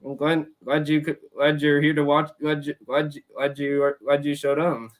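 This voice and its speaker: Young adult man, casual host, halting delivery with lots of restarts. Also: fairly high pitch, little pitch movement. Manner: halting, many restarts and repeated words. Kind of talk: casual roundtable chat.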